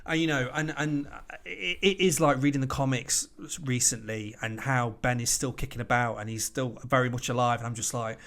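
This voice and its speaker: British man, podcast co-host, casual sweary chat, rambling, middle pitch. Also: normal speed, few pauses. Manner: sweary, rambling, animated quoting.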